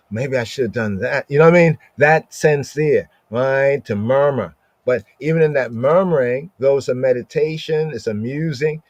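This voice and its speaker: A man's voice: medium pitch, darkish tone, no room sound. A man teaching the Torah and Psalms in a morning study, repeating Hebrew words over and over and acting out the muttering of someone talking to himself. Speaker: Bible teacher. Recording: dull dry lo-fi sound.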